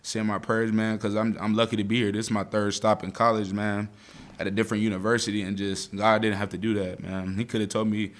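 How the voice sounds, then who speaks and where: Young male athlete, twenties, deep steady voice, casual speech, holding back tears. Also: brisk. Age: 20s. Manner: choked up, near tears, heartfelt; casual speech, says "man" often. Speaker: college football player. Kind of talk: emotional postgame interview.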